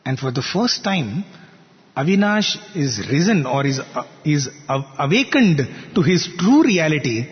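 A male spiritual teacher tells a parable in an animated way and poses rhetorical questions. His voice sits high. The recording is dull and echoes in a hall. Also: measured pace. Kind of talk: storytelling lesson.

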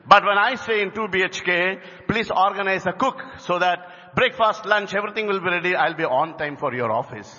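A man's voice: sits high, fairly quick, pushed and bright. A man voicing an eager young male graduate, listing his requests earnestly, in a dull reverberant hall.

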